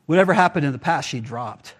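A man's voice: a little high, animated, fast. A man preaching a casual, conversational sermon as pastor, often acting out quoted voices with filler words.

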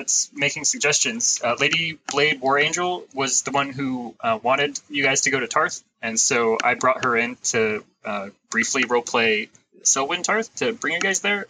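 A man's voice: medium pitch, pushed and bright, slight background noise, rough recording. A man running a tabletop role-playing game, chatting casually and laughing at himself. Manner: self-deprecating, laughs often. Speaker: game master.

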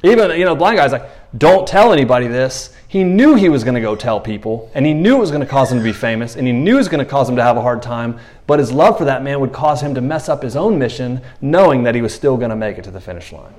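Animated conversational preacher, a man. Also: medium pitch, quick pace, hardly any pauses. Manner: conversational, animated, acts out quoted voices. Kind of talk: sermon.

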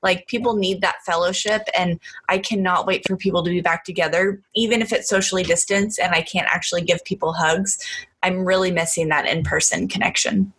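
A woman's voice: lowish voice, fairly even intonation, a little fast, a bit bright, husky. A woman co-hosting a church podcast, speaking in a friendly, upbeat and agreeable way. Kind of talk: casual podcast chat.

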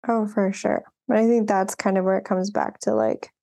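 A young woman co-hosting a podcast, talking in a relaxed, agreeable way with quick laughs. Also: medium pitch, gravelly. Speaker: podcast co-host. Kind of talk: casual chat.

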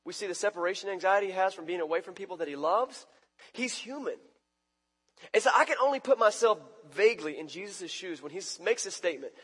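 A man pastor giving a conversational sermon, acting out quoted lines with sudden shifts between loud and soft. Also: high-pitched, lively intonation, quick pace, slightly rough. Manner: conversational preaching, acts out quoted lines with big swings in loudness. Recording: long reverb of a church hall.

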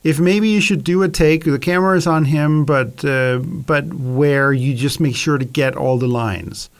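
Man, filmmaker, casual chat, thinking aloud, somewhat high pitch. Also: unhurried. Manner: thinking aloud, working through ideas.

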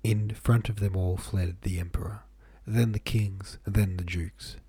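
Stuffy, nasal low-voiced man reading. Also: slightly rough, dry recording. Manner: calm, measured reading. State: stuffy head cold, nasal. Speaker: podcast host reading a novel aloud. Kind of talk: audiobook-style reading.

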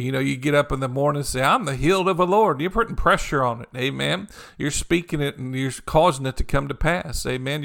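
A male pastor preaching a sermon in a slightly higher-than-usual voice with a gravelly edge. He talks conversationally, circling back to the same encouraging phrases and punctuating almost every thought with "amen" or "you know.". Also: pushed and bright. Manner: repetitive, encouraging cadence.

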